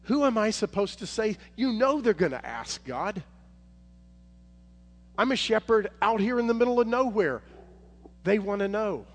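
A man's voice: fairly high pitch, animated, moderate pace, gravelly. A male preacher voicing Moses as a reluctant, anxious shepherd who protests in a rising, pleading voice. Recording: hall reverb, faint noise.

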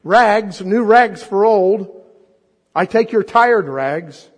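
A man voicing a strong young rag man who calls out loudly and speaks gently. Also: medium pitch, big pitch swings, a little fast, slightly rough, in a large hall, full character voice. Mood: calling out. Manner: loud ringing street call.

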